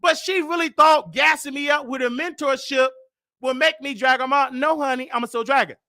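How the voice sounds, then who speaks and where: A man with a very high, piercing voice tells gossip casually as a show host. He is animated and emphatic, repeats his words for effect, and the tone stays bright and sharp throughout. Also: moderate pace.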